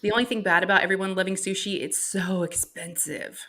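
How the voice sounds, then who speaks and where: A woman's voice: mid-range voice, steady tone, brisk, pushed and bright. A middle-aged woman, hosting a casual livestream chat, chatty and laughing often as she greets viewers. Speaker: livestream host.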